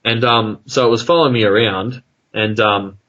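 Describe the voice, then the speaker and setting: An Australian man tells a long personal story in a loose, rambling way, packed with fillers and asides. His voice sits on the low side. The audio is dull and lo-fi, like a call recording. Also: steady tone, normal speed, sharp tone. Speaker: guest telling an encounter story. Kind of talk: casual storytelling.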